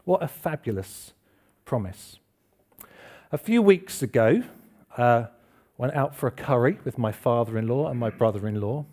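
In a church hall, a man preaches an informal, chatty sermon, asking the congregation questions and joking at his own expense. His medium-pitched voice is expressive and darkish, at a moderate pace.

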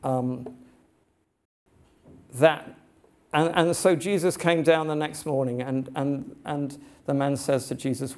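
A man preaching a sermon, telling a story in an earnest, halting way with many restarts. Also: medium pitch, fairly even intonation, a little mellow.

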